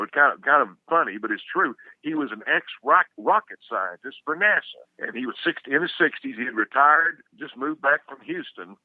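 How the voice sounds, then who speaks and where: A man's voice: medium pitch, dry recording. An older man, a guest telling a rambling, folksy story full of restarts. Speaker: guest, outdoor TV hunter. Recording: dry, tinny phone-like sound.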